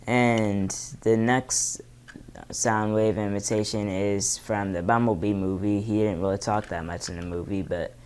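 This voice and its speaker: A man's voice: fairly low pitch, fairly even intonation, unhurried, a little mellow, clear, resonant tone. A man casually recapping movie scenes, rambling with many fillers. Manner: loose, filler-heavy storytelling. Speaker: impressions vlogger.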